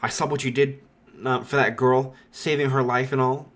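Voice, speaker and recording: A man's voice: medium pitch, flat delivery, moderate pace, a bit bright, lightly acted. A man voicing a strict, formal young male class president who lectures stiffly. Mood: admiring.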